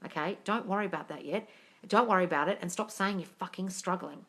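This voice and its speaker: Blunt, bright-toned woman, low-pitched. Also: fast talker. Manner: blunt and profane, calls listeners darling. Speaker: manifesting coach. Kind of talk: livestream Q&A reading out comments.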